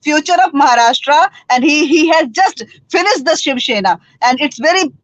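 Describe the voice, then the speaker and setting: A woman speaking as a panelist in a political debate over a remote call, halting and repeating words, slipping into Hindi. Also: high voice, animated, dry recording, dull audio. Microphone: remote call with a poor network.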